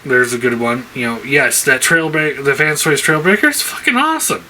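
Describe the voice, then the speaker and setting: A man's voice: medium pitch, lively intonation, normal speed, pushed and bright, a little hiss or hum. A man ranting casually about his toy collection, rambling with lots of fillers and frequent swearing. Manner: frustrated, swears a lot, rambling with many fillers.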